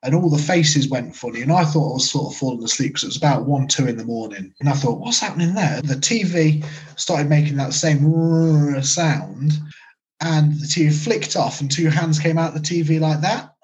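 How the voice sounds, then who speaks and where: In a low-quality recording, a man with a somewhat high voice, who works as a medium and paranormal investigator, rambles loosely through his story for an interviewer, leaning heavily on "sort of" and "like."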